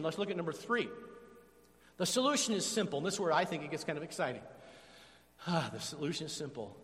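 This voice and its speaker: A man pastor preaching a sermon to his congregation, animated, calling for responses from the church. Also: a little high. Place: church sanctuary. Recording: long hall reverb.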